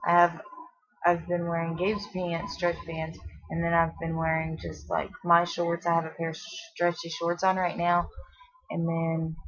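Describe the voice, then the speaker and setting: A young pregnant woman with a low voice talks to her camera at home in a loose, rambling way, trailing off and restarting often. She sounds short of breath, and the recording has a dull, lo-fi home-video sound. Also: monotone, measured pace, a bit bright. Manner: chatty, rambling, many fillers and restarts. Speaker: vlogger. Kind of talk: casual pregnancy update vlog. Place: at home, seated.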